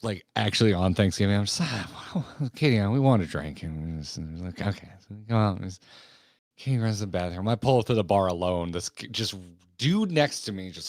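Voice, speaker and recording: A man with a fairly low voice co-hosts a podcast in casual chat. He tells relaxed anecdotes and acts out the quotes. The sound is dry and close. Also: a little fast, dry recording. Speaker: podcast host.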